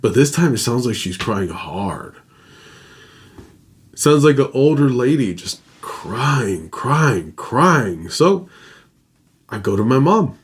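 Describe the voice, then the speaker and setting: A man's voice: mid-range voice, very animated, slow, pauses often, husky. A man hosting a show, reading a listener's ghost story aloud in a casual, dramatic way with his own asides. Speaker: host.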